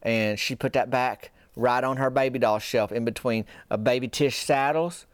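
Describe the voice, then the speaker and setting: A man rambles through a comic tale in loose folksy dialect. His voice is smooth and resonant, recorded dry and close with no room sound. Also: mid-range voice, normal speed, no room sound. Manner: rambling folksy yarn-spinning with dialect grammar. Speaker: storyteller. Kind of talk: comic storytelling monologue.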